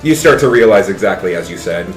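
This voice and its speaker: A man narrating a tabletop game as game master in a profane, animated storytelling manner, in an echoey room with background music. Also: deep voice, quick pace.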